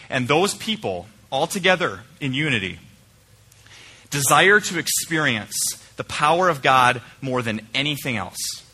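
A male pastor preaching a conversational sermon in a church, swinging between emphatic points and quiet, searching questions. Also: medium pitch, slightly rough. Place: church sanctuary.

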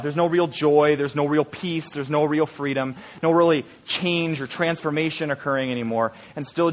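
A pastor with a fairly high voice delivers a sermon. He tells his story in an animated way and moves into earnest, quiet appeals to his listeners.

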